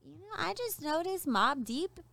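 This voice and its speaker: A woman's voice: sits high, lively intonation, moderate pace, vocal fry, bright, forceful tone. A woman co-hosting a casual radio show, playful and chatty, often cutting in. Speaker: radio co-host.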